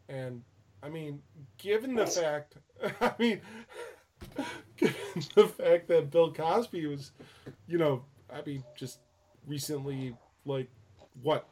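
A man's voice: on the high side, warm tone. A man hosting a casual chat, telling an anecdote with rambling restarts, fillers and swearing.

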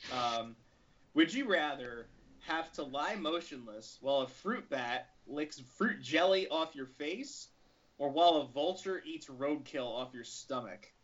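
A man's voice: on the high side, lively intonation, measured pace, a bit bright. A man hosting a casual chat, reading out questions, laughing often and acting out little voices. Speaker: podcast host reading questions. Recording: dull lo-fi sound with faint noise.

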